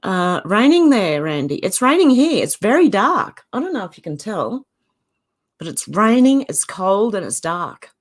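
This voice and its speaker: A woman's voice: mid-range voice, very animated, measured pace. An Australian woman hosting a casual livestream, greeting viewers by name and reading their comments aloud. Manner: greets chatters and reads comments aloud, chatty. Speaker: livestream host. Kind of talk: casual live-chat talk.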